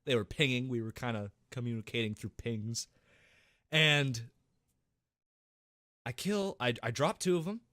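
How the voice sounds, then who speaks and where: A man's voice: medium pitch, unhurried, long pauses, pushed and bright, no echo, clean studio sound. A young man co-hosting a podcast, telling a gaming story with a lot of swearing and acting out voices and gunfire. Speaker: podcast co-host. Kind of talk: casual gaming story chat.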